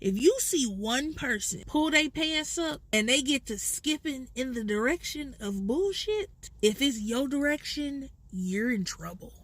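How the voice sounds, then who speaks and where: A woman with a Chicago accent, casually explaining slang in a playful, profane, animated way. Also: high-pitched, unhurried.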